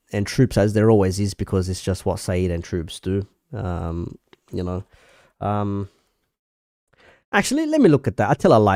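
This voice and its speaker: A man's voice: lowish voice, a little mellow, no echo, studio quality. A man giving casual, rambling reaction commentary with lots of fillers.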